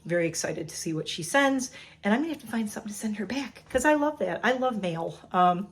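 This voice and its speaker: A woman's voice: medium pitch, animated, fairly quick. A middle-aged woman vlogging in her kitchen to a phone camera, chatty and sentimental and laughing often. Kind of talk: casual chat to camera. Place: home kitchen.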